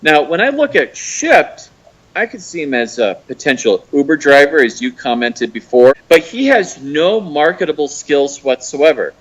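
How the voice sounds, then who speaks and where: A fairly high-voiced American man calls in and rants, his pitch leaping and dropping as he mocks someone. He swears freely and his tone stays scornful throughout. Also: moderate pace, muffled recording. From United States. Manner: profane, mocking, animated ranting. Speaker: caller. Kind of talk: heated call-in rant.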